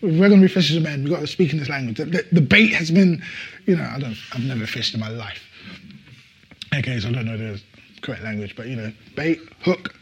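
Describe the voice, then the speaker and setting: Husky-voiced preaching man, emphatic. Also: mid-range voice, a little fast, dull audio. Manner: animated, emphatic preaching with repetitions and laughs. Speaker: pastor. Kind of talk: sermon. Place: church service.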